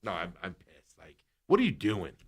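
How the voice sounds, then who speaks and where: A man's voice: deep voice, wildly swooping pitch, normal speed. A man hosting sports talk radio, ranting heatedly and with exasperation, his voice jumping up when he gets angry.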